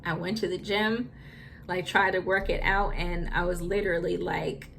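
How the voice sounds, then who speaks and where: A woman's voice: fairly low pitch, steady tone, normal speed, creaky, fairly bright tone, a little hiss or hum. A young woman vlogger retelling a frightening personal experience, emotional and full of fillers. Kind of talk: personal storytime. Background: faint spooky music.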